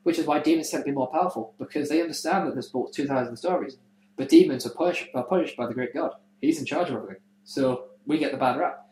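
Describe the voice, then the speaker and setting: A man hosting a casual podcast, retelling a story in a rambling, profane, animated way. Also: fairly high pitch, fast talker, a little hiss or hum. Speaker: podcast host. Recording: echoey room.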